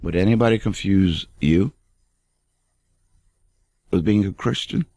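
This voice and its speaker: Emphatic low-voiced preacher man. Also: a little slow, dark tone, no room sound. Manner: emphatic preaching, addresses the listener directly. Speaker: pastor. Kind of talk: radio sermon.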